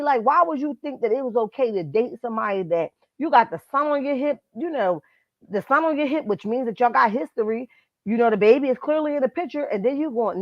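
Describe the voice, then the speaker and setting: A sassy woman hosts a live stream, talking gossip straight to her viewers. Her voice sits a little high, and the sound is dry and slightly dull, as if from a basic computer mic with no room around it. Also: no room sound. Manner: sassy, emphatic, talks straight to viewers and chat. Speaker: live-stream host commenting on celebrity gossip. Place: at her workplace, indoors.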